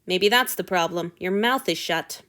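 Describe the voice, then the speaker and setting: A woman's voice: fairly low pitch, moderate pace, a bit bright, close to an everyday voice. A woman voicing a prickly young male lord who talks in a dry, snappish way. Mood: teasing.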